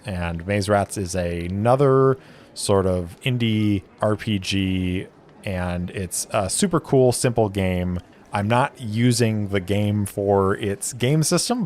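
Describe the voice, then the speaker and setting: A man's voice: low voice, a little mellow. A man narrating a solo tabletop game as game master, thinking aloud as he rolls.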